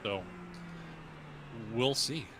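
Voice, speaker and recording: Talking extremely slowly over background noise, a medium-pitched male host chats casually during his live sim racing stream while driving. He laughs easily and says "um" a lot.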